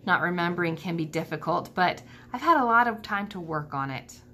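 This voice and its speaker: A woman voicing a gentle, thoughtful male silverback gorilla in a storybook read-aloud, raising her voice in a soft, wistful way. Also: on the low side, animated, a little fast, slight background noise.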